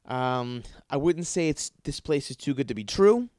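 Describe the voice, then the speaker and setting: A man hosting a podcast from his apartment, ranting with constant swearing, stuttering and repeated words, jumping between yelling and mumbling. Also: medium pitch, expressive, moderate pace, no room sound, studio quality. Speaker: podcast host. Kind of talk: profane ranting monologue. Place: his apartment, in a dark room. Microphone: studio microphone.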